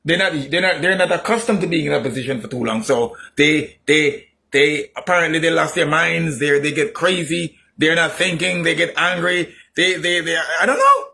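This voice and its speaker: A man delivering an opinionated political monologue, repeating himself emphatically and rising into shouts. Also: on the high side, fairly even intonation, normal speed, creaky, hardly any pauses. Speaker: political commentator.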